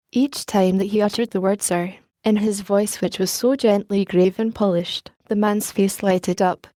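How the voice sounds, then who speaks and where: Female audiobook narrator; mellow, dry studio read, even and unhurried. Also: medium pitch, dry recording. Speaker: audiobook reader. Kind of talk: audiobook narration reading all parts.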